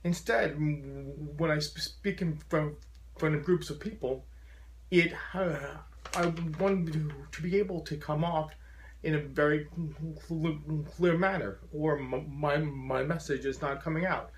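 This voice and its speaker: A man with a fairly high voice speaks to a support group with a profound stutter, repeating sounds and getting stuck on words. He keeps pressing on in an earnest, encouraging way. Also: a little slow. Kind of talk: motivational talk to a support group.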